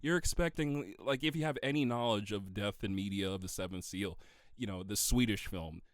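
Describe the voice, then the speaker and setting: Male podcast co-host, casual and excitable, laughs through his points, dry close sound. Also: fairly low pitch, brisk, no echo. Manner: animated, laughs often, swears casually. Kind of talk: casual movie discussion.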